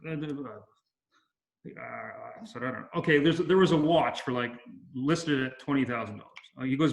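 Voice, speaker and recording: A man's voice: medium pitch, normal speed, creaky, roomy sound. A man being interviewed, casually telling long anecdotes with many fillers and restarts. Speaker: interview guest. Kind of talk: casual storytelling.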